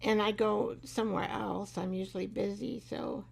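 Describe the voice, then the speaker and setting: A woman's voice: medium pitch, steady tone, moderate pace, creaky, breathy edge. A middle-aged woman hosting a live craft show, chatting and rambling as she works, laughing often and talking to her craft pieces. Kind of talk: live craft tutorial chat.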